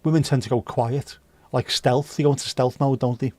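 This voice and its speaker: A man's voice: medium pitch, steady tone, fairly quick, darkish tone, no echo. A man hosting a livestream, reading viewer comments aloud with sweary, jokey banter. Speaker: livestream host. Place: indoors.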